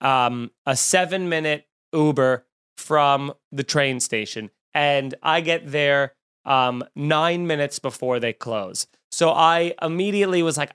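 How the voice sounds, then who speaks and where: Animated, swearing male storyteller, smooth voice. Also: fairly high pitch, a little slow. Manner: animated, profane, joking storyteller. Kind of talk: casual storytelling chat.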